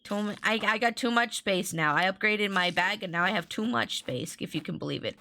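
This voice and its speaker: A woman's voice: mid-range voice, brisk, gravelly, bright, forceful tone. A woman live-streaming a farming game, chatting to viewers in a rambling way and often restarting her sentences. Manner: talks to viewers and reads chat aloud. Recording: faint game music underneath.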